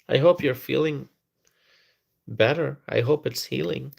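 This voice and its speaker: A man hosting a live stream, chatting with viewers and talking softly and slowly to rest his tired voice. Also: medium pitch, gravelly.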